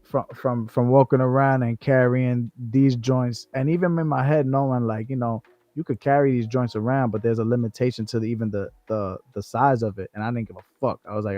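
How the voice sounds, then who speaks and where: A man's voice: medium pitch, fairly even intonation, fairly quick, warm tone, no echo, muffled recording. Slangy man chatting on a livestream. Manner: slangy, profane, many restarts and "bro". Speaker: co-host. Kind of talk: casual livestream conversation.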